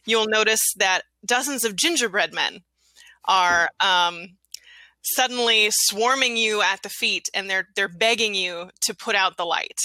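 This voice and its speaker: A woman's voice: medium pitch, unhurried, bright, forceful tone, no room sound, poor audio. A woman running a tabletop game as game master, narrating with frequent giggles and fillers. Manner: giggly, lots of fillers and restarts.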